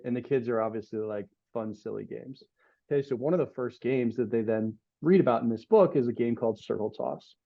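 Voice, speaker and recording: A man, a guest on a podcast, explaining his product step by step and checking in with "okay?" and "right?". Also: medium pitch. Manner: explanatory, walks through steps with "okay?" checks. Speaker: podcast guest, company co-founder. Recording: dull lo-fi audio.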